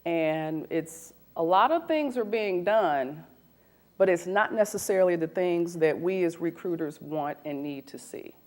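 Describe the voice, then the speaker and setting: A woman in her forties, a recruiter, giving a lively talk to an audience and asking them questions. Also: lowish voice, unhurried. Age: 40s. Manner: animated, asks the audience questions.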